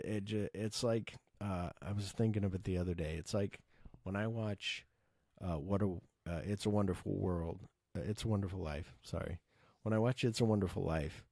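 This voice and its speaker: A man with a very low, dark and mellow voice talks casually about movies, rambling with plenty of fillers and the odd curse. The recording is dry and close, with no room sound. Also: no echo. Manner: rambling, sweary, enthusiastic, with many fillers. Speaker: movie podcast host.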